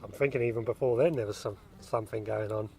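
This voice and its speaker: A man's voice: lowish voice, steady tone, quick pace, darkish tone, slight background noise. Easygoing man hosting outdoors. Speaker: podcast host. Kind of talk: casual outdoor chat. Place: outdoors on an allotment.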